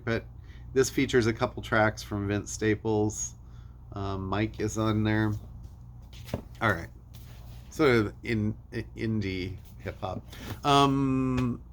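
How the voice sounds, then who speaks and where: A man casually walking through new vinyl releases in a rambling way, with frequent fillers and soft chuckles. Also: fairly low pitch. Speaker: record store host showing new vinyl releases. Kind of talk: casual unscripted product walkthrough.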